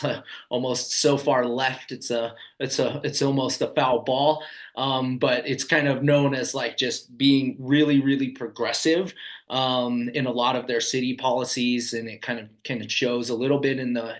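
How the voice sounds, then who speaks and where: A man from Colorado in his thirties, a podcast guest talking in a relaxed, rambling way with many "you know"s. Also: medium pitch, low-quality recording. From Colorado, USA. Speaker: guest, ski company founder. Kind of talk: casual interview chat.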